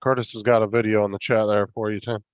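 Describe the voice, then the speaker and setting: A mid-pitched man tells stories and chats on a livestream. His voice comes across a little dull and lo-fi, with a very dry sound close to the mic. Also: level tone, fast, clean tone, no room sound. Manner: chatty storyteller. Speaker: livestream co-host. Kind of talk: casual chat.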